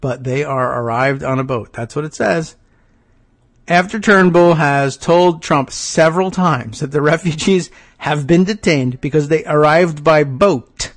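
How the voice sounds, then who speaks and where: A man hosting a political talk show, reading from an article and breaking off into sarcastic, incredulous commentary. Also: on the high side. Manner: frequent restarts and fillers when riffing.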